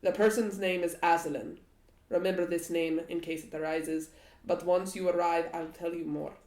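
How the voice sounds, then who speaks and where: Brief: woman doing a nervous, affectionate vampire lord, hushed and hurried, roomy echo. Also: fairly low pitch, steady tone, lightly acted. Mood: urgent. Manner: hushed, urgent, tender. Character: paranoid, loving male vampire lord. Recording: echoey room.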